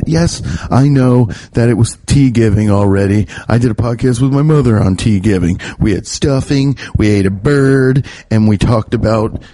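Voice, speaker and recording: A man hosting a comedy podcast in a rambling, profane, jokey way, his pitch jumping up when he gets worked up, recorded while pacing in his bedroom. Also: dark tone, no echo. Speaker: podcast host. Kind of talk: casual comedic monologue. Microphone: podcast mic while pacing.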